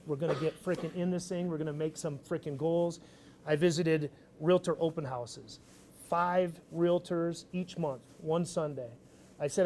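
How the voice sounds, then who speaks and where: Excited man talking to a crowd. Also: a little high, slight background noise. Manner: casual, energetic, swears freely. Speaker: speaker at a live event. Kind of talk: motivational talk to an audience. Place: event stage.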